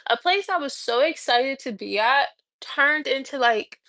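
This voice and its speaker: A woman in her thirties, a massage therapist, telling a story on a casual livestream with animated, exasperated, swearing talk. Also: high voice, measured pace, no echo.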